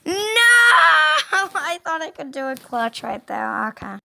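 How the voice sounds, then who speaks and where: A woman giving casual gaming commentary, excitable, yelping and groaning at the game and talking to herself. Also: high voice, takes it slowly, gravelly, noisy background. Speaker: gameplay commentator.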